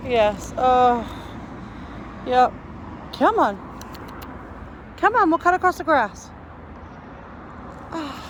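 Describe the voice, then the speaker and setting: A woman's voice: high-pitched, very animated, very slow, pauses often, muffled recording. A woman outdoors on a street, coaxing her pet along with affectionate, laughing casual talk. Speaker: vlogger walking her cat on a leash. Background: faint street and traffic noise.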